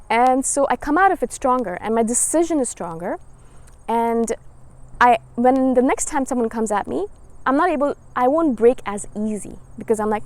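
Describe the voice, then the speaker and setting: A woman's voice: on the high side, animated, normal speed, darkish tone. Earnest woman in her thirties giving a pep talk. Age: 30s. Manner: earnest, repetitive, encouraging, acts out quoted voices. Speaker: spiritual vlogger. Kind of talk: casual motivational monologue.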